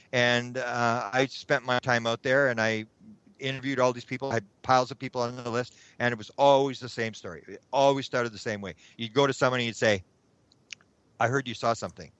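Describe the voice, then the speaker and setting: A man tells a story as an interview guest. He gets animated and trips over repeated words as he goes. The recording sounds dull and dry, with no room around the voice. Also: mid-range voice, no echo.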